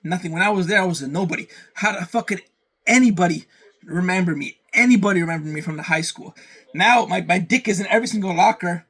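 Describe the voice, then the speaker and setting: A man from Canada with a fairly high voice, ranting casually to the camera. He swears a lot, circles back on his own words and says the same lines again and again as he rambles on. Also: quick pace, a bit bright, husky. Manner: profane, rambling, repeats himself. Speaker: vlogger.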